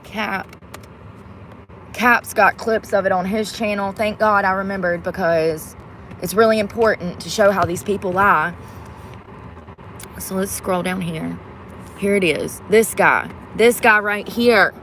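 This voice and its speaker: A woman talks straight to her viewers in a loose, casual way. She grumbles and swears under her breath while she searches for something on a device. Faint background noise sits under her voice, which is pitched mid-range for a woman. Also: steady tone, measured pace, pauses often, a bit bright. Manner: frustrated, muttering and cursing while fiddling with a device. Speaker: vlogger. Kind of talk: casual vlog talk to viewers.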